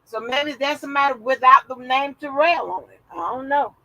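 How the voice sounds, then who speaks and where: A woman's voice: high-pitched, moderate pace, sharp tone, low-quality recording. A woman hosting a live stream, giving blunt, profane commentary and reacting as she reads posts aloud.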